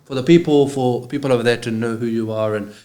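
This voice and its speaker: A man co-hosting a podcast, talking quickly and casually, often agreeing. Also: mid-range voice, steady tone, dark tone. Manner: quick, friendly, lots of agreeing. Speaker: podcast co-host.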